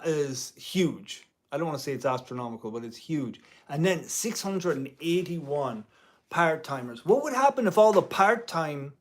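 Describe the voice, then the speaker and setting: A man who teaches music part-time, talking in a rambling vlog commentary with many restarts and mild euphemistic cursing. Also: a little high.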